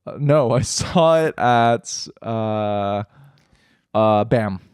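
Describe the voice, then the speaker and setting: A man's voice: fairly low pitch, drawn-out words, darkish tone, clean tone, no room sound, clean studio sound. A man co-hosting a podcast in casual chat, teasing and slangy. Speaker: podcast co-host.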